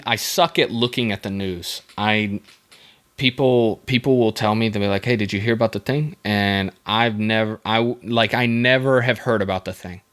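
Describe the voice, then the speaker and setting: This young man's casual solo podcast, recorded on a desk microphone, features his fairly low, slightly bright voice. His monologue rambles, leans on self-mocking jokes, and is packed with fillers and restarts.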